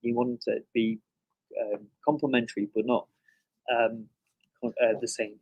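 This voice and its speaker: A middle-aged man giving a conversational classroom lecture, often checking in with "okay?" and pausing on "um". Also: medium pitch, flat delivery, darkish tone, dull audio.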